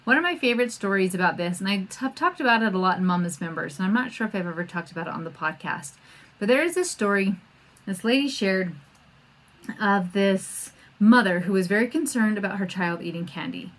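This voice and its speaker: Middle-aged woman doing a homeschool podcast, chatty and lively, acts out little quotes. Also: medium pitch, brisk. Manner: chatty and animated, acting out quoted voices. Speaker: podcast host and homeschool coach. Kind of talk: casual podcast talk.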